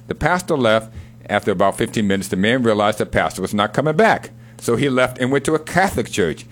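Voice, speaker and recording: A man co-hosting a casual show, telling a joke and reading sports history in an unhurried storytelling manner. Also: medium pitch, animated.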